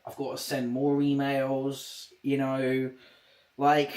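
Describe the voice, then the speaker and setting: A man's voice: medium pitch, monotone, slow pace, a little mellow. Rambling man in a roomy room. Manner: rambling, restarts sentences often. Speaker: livestreamer. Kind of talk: casual livestream chat. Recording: roomy echo.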